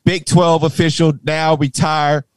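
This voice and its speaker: A man hosting a podcast, welcoming a guest and ribbing his co-host in quick banter. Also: a little high, flat delivery, clean tone, no echo. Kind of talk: casual podcast chat.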